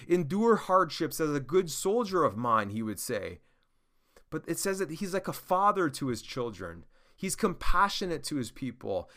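A man's voice: on the high side, sharp tone. A man giving an earnest, encouraging devotional sermon to other men, often asking "amen?". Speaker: preacher to men.

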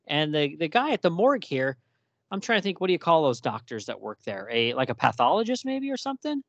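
A male podcast host with a lively voice whose pitch swings widely. He sounds dry and close, with no room echo. He laughs often and acts out the lines he quotes. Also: quick pace, dull audio. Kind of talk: casual chat about comics.

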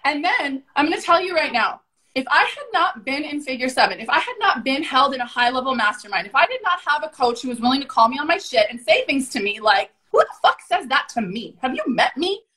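A woman with a bright, high voice talks as a podcast guest. She rambles fast and emphatically, swears constantly and punches each point with raw energy. Her delivery is loud, unfiltered and casual. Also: very animated. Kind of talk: casual, profane storytelling.

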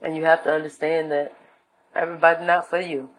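Talking a little fast in a low-pitched, flat voice, this woman delivers a relaxed, slang-filled monologue offering life advice to her viewers. She performs the voices in her anecdotes, and the audio is poor.

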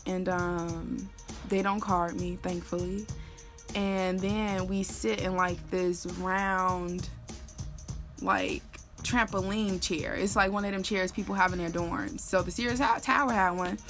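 A woman in her twenties telling a dating story casually, animated and slangy, breaking into laughter and loud bursts when quoting herself. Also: on the low side, slow, faint music behind. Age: 20s.

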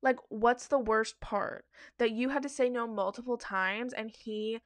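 A woman's voice: fairly high pitch, fairly even intonation, a little slow, dry recording. A woman giving casual, blunt reaction commentary on advice-forum stories, emphatic and profane.

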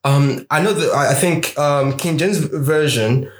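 Earnest African-accented man, echoey room. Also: a little high. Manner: earnest, quotes scripture, halting restarts. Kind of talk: Christian discussion, casual.

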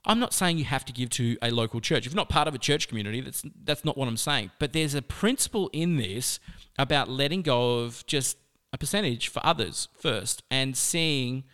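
An Australian man telling a personal story in a chatty, animated way, with lots of "like" fillers. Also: mid-range voice, normal speed, smooth.

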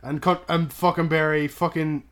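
A man's voice: fairly high pitch, level tone, moderate pace, a bit bright. A man co-hosting a podcast, recapping a movie in casual, profane chat and tagging lines with "right?". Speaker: podcast co-host. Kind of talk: casual film-review chat.

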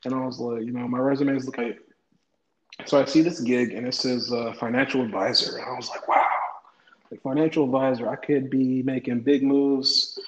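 A man's voice: mid-range voice, steady tone, fairly quick. A man hosting his first casual podcast, talking in a laid-back, rambling way with lots of fillers. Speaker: podcast host. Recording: dull, roomy home recording with faint hiss.

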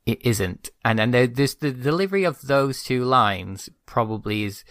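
A man's voice: mid-range voice, animated, normal speed, fairly bright tone, no echo, studio quality. A man co-hosting a podcast, discussing a film in a thoughtful, hesitant way with many restarts. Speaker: podcast co-host.

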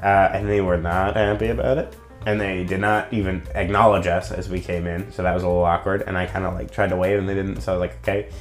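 A man's voice: low-pitched, little pitch movement, fast talker, faint music behind. A young man telling a long, rambling story in casual chat, full of fillers and acted-out quotes. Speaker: storyteller guest.

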